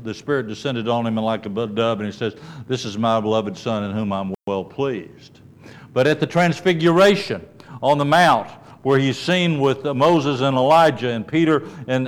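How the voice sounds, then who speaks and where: A man teaching a Bible lesson in a conversational way, with a voice of ordinary middle pitch. He explains points as he goes, often checks in with his listeners, and restarts sentences while he thinks aloud. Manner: explains and asks the class, with frequent checks of "okay?".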